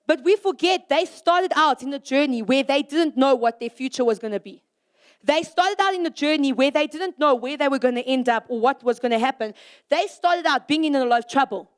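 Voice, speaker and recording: A young woman with a high voice speaks to a youth crowd in sermon style. She keeps it conversational and animated, throwing rhetorical questions at her listeners and slipping into quick acted-out scenes. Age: young adult. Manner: asks the audience rhetorical questions.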